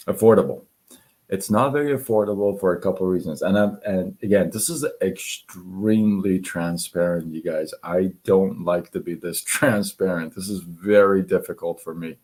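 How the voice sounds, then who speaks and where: A man hosting a casual livestream, halting with many fillers and clearing his throat, losing his voice. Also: low-pitched, a little mellow. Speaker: livestream host. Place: home apartment.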